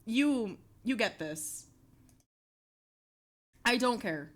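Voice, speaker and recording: Excitable young woman streamer, lively pitch. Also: very slow. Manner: excitable, swearing, breaks into shrieks and laughter. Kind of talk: casual live-stream chat.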